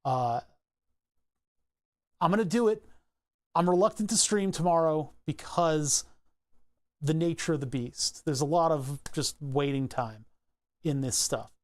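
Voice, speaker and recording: A man's voice: on the high side, a little slow, long pauses. A man with a Philadelphia accent chatting casually on a livestream, rambling through tangents and laughing easily. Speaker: streamer.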